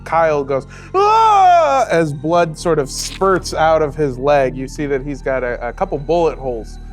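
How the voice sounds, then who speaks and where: A man's voice: a little high, fairly even intonation, moderate pace, soft background music. A man narrating as game master of a tabletop game, casual and profane.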